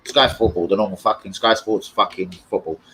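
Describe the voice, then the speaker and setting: A young man chatting casually and excitably on a live stream, swearing freely as he reads chat. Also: on the low side, a little fast, a little hiss or hum, low-quality recording. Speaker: fan channel live streamer.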